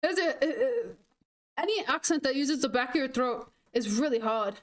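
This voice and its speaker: High-voiced giggly streamer woman. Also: moderate pace. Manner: rambling, giggly, full of "like". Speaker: gaming streamer. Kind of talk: casual chat over gameplay.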